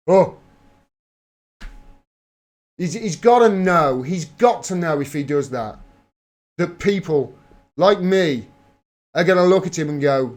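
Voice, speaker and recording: Heated man, slightly high voice. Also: moderate pace, long pauses, darkish tone. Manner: emphatic and heated, swears freely. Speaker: livestream host. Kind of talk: live political commentary reading viewer chat.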